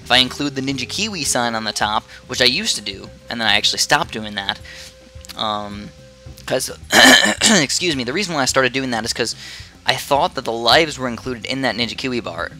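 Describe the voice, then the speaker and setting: A man's voice: medium pitch, lively intonation, a little fast, pushed and bright, soft background music. A young man giving rambling, casual commentary over a game he is playing, with many fillers and restarts. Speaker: gaming video creator.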